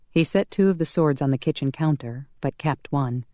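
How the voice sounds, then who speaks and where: An audiobook narrator reading a romance in a measured, calm manner. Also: medium pitch, no room sound, studio quality. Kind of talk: scripted narration.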